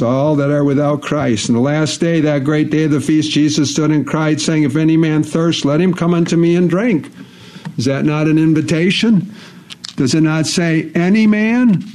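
A man's voice: a little high, moderate pace, darkish tone. A man preaching a sermon, reading scripture verses aloud and repeating key phrases for emphasis.

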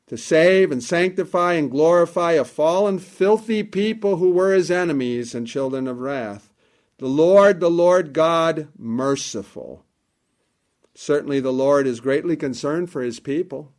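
A man preaching a sermon in an earnest, deliberate way, building emphasis through lists of words. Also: a little high.

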